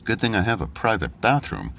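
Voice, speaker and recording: Fussy, excitable man in an audio drama. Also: lowish voice, fairly quick, gravelly, slight background noise. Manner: excitable, fussy, talks to himself. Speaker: corporate assistant character.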